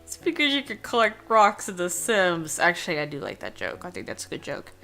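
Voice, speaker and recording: Lowish bright-voiced woman rambling over a game at home, faint game music behind. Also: big pitch swings, brisk. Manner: rambling, chatty, reads game text aloud. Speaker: let's play host. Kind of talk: casual gameplay commentary. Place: home room.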